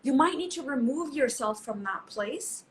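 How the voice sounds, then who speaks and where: A woman's voice: sits high, lively intonation, moderate pace, slight background noise, low-quality recording. A middle-aged woman, a psychologist, explaining in an emphatic, coaching way, often repeating herself for stress. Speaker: psychologist guest. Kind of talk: expert explaining in conversation.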